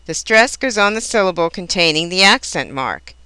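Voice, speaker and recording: A woman teaching a language lesson in scripted narration, pronouncing each example word slowly and carefully. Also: fairly low pitch, lively intonation, sharp tone, clear, resonant tone, no echo. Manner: slow, careful, precise enunciation of example words.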